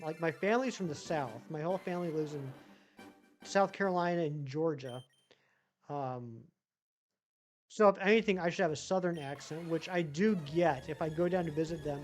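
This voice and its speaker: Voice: mid-range voice, normal speed, darkish tone, faint music behind. A live streamer with a general American accent, casually reading chat messages aloud and answering them at length.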